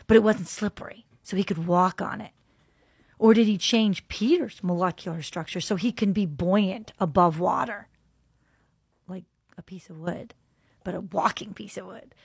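A woman's voice: medium pitch, breathy edge, dry recording, studio quality. A woman hosting a faith podcast, reading scripture and musing in an earnest way, at times dropping into a whisper. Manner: earnest, musing aloud, shifts into soft whispers. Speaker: podcast host.

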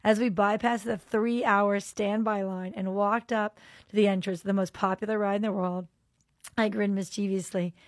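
Animated woman telling a faith story. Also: mid-range voice, moderate pace, no echo. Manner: softens into quiet, earnest prayer. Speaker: faith podcast host. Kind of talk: devotional storytelling and prayer.

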